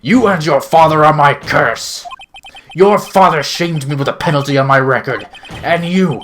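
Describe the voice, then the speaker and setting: A man's voice: mid-range voice, normal speed, a little hiss or hum, lightly acted. A man putting on a furious old prosecutor. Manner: snarling, vengeful, theatrical shouting. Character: ruthless proud older male prosecutor. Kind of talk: reading game dialogue aloud.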